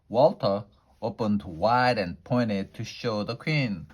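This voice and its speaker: Man storyteller, unhurried picture-book read-aloud with the odd slip and restart. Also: fairly low pitch, husky. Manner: unhurried, with small slips and restarts.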